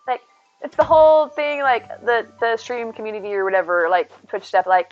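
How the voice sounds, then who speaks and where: A woman live-streaming from her home, chatting casually with her viewers and answering them by name. Her voice sits a little high and wanders from one thought to the next. The sound is dull and lo-fi, as from a modest stream setup. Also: expressive, moderate pace. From United States. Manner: chatty, rambling, talks to chat by name. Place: home, indoors.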